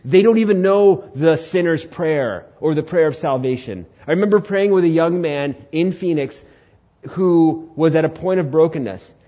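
Young man, pastor, sermon, mellow voice, loud then hushed, dull muffled sound. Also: a little high, moderate pace. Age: 20s. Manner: animated storytelling, swings from loud to hushed.

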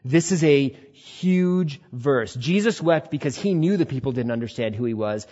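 A man preaching a sermon, swinging between loud emphatic passages and quiet, low reflection. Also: lively intonation, moderate pace, muffled recording. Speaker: pastor.

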